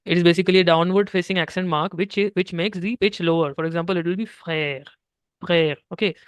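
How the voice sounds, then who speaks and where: A man's voice: sits high, steady tone, rapid-fire, smooth, no room sound. A young man with an Indian English accent teaching French one-on-one, patiently explaining step by step and slipping into Hindi. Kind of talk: one-on-one language lesson.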